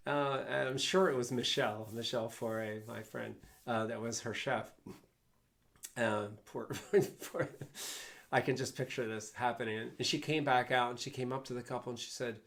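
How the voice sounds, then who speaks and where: A man's voice: mid-range voice, steady tone, moderate pace, gravelly, a bit bright. An older man, a guest speaker, telling fond, rambling anecdotes and chuckling along the way. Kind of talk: anecdotal storytelling.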